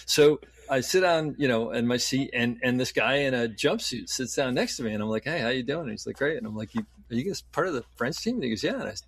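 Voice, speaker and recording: Middle-aged podcast host, mid-pitched male voice, dry close sound, meandering and lively. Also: quick pace, hardly any pauses, slightly rough, no echo. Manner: meandering questions with restarts, lively when telling anecdotes. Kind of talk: casual interview chat.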